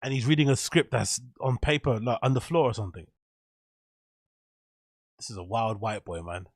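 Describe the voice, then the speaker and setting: A man's voice: medium pitch, normal speed, dry recording, studio quality. A man giving rambling, profane reaction commentary as host, laughing often.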